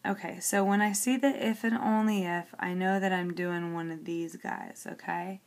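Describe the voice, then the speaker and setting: A woman's voice: lowish voice, steady tone, normal speed, few pauses. A woman teacher working through a logic example on paper, explaining each step and checking in with "okay" as she goes.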